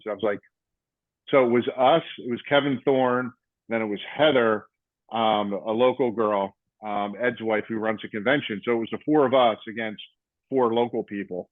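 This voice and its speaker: A former wrestler in his fifties hosts a casual podcast, speaking briskly at medium pitch as he tells stories and acts out what other people said. The audio sounds tinny, like a phone call, with no echo.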